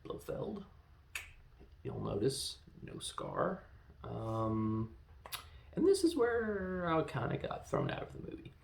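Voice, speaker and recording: Man in his thirties, gravelly voice, rambling casual film review, echoey room. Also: medium pitch, takes it slowly, long pauses. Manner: rambling, animated, acts out quotes. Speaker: podcast host reviewing films.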